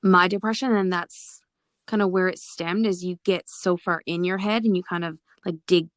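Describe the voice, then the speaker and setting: A woman's voice: lowish voice, fairly even intonation, moderate pace, dry recording, clean studio sound. A young adult woman guest on a podcast, speaking earnestly and openly. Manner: earnest, open and reflective. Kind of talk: casual podcast interview.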